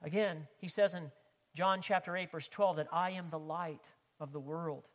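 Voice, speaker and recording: A man preaching a sermon as pastor, with impassioned emphasis that swings between loud declarations and hushed, near-whispered lines. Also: fairly high pitch, steady tone, moderate pace, in a large hall.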